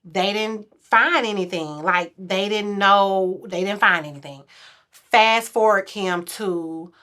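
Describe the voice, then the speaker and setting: A woman in her forties, a podcast guest, telling a story in casual chat and acting out quotes in a louder, higher voice. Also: takes it slowly.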